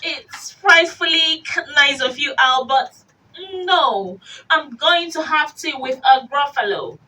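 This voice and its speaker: A plucky little storybook mouse with a bright, lively voice, as a woman reads it out. The delivery is slow and emphatic, and it is heard from a distant mic with a faint hiss. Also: sits high, voice pushed up, full character voice. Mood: boastful warning. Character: timid clever little mouse.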